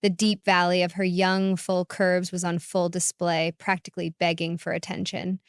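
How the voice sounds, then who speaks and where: A woman narrating a first-person story in a calm, reflective way. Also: lowish voice, moderate pace, clean tone, dry recording, clean studio sound.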